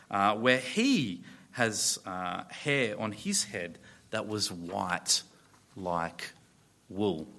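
A man preaching a sermon, earnest and emphatic, explaining scripture with fillers and pausing to drop low on key phrases. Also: a bit bright.

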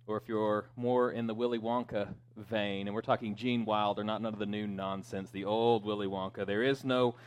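A man's voice: on the low side, level tone, normal speed, few pauses, a little hiss or hum. A man preaching a sermon as pastor in a conversational way, with joking asides and fillers.

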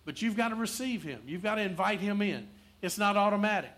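A male pastor preaching a sermon in church, quoting Scripture, asking the room for answers, and softening into prayer. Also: sits high, expressive, a little fast. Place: church, also streamed online.

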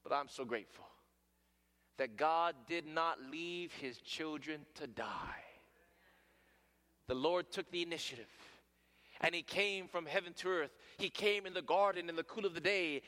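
A man preaches a sermon in a large hall, his voice bright and forceful. He pitches his voice on the higher side for a man and lets long reverb trail each phrase. He swings from loud emphatic peaks down to hushed, near-whispered lines, and he keeps addressing the listeners as friends.

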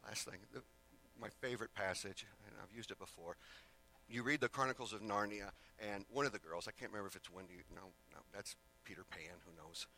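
A man's voice: on the low side, fairly quick, sharp tone, a little hiss or hum. A male preacher giving a sermon in a casual way, with rambling asides and self-corrections.

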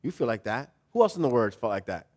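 A man preacher delivering a lively sermon, swinging between loud emphasis and quiet, repeating phrases. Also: mid-range voice, quick pace.

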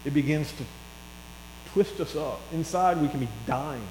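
A middle-aged man preaching a sermon in a church, chatty and telling stories that swell into excited bursts. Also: a little high, normal speed. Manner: conversational, rising to excited storytelling. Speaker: pastor. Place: church hall. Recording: echoey hall with faint mains hum.

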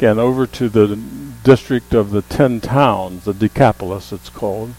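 A man preaching a sermon as a pastor, with emphatic calls that rise to the congregation and a low hum under the voice. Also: fairly even intonation, moderate pace, hardly any pauses, a little mellow, dry recording, rough recording. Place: church sanctuary.

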